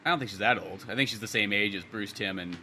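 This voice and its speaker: A man co-hosting a casual podcast, talking very quickly as he rambles through his opinions, often trailing off and starting again. His voice is bright and crisp at a middling pitch, with a faint background noise under it. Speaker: podcast co-host. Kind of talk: casual movie review chat.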